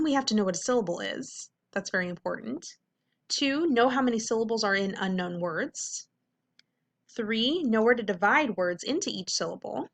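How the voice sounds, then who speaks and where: A reading teacher with a bright, upbeat, slightly high voice leads a classroom video lesson. She checks in often with "okay?" and slows down to sound out words carefully.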